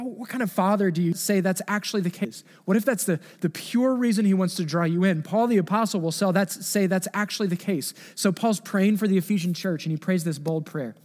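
Pastor, man, 30s; earnest sermon delivery, high-pitched, reverberant hall. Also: a little mellow. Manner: earnest, repeats words, rises with emphasis.

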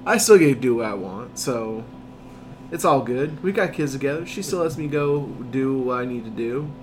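Young guy, mid-pitched, rambling storyteller, laughs a lot; noisy recording. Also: animated, normal speed. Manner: rambling, stumbling over words, laughing. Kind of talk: casual chat. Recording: noisy room.

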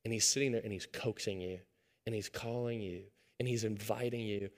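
This thirty-something pastor preaches briskly in a lowish voice. Telling a family story, he alternates between hushed, intimate passages and loud, excited retelling.

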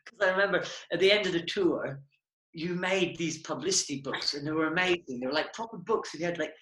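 A man's voice: a little high, brisk, a bit bright, reverberant, poor audio. A man casually reminiscing about a stage routine, playful and self-mocking. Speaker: former stage partner, performer.

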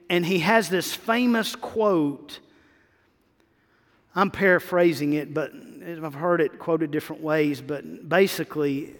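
Pastor guy preaching, high voice, lots of repeating lines, church hall echo. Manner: preaching with rising, emphatic repetition. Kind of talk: sermon.

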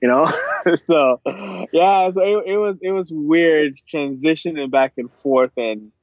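A man's voice: on the high side, a little slow, no echo. A young man from Ghana with a Ghanaian accent, telling his story as an interview guest with lots of fillers. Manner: animated storyteller, many fillers. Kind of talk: casual interview chat. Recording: dull lo-fi dry sound.

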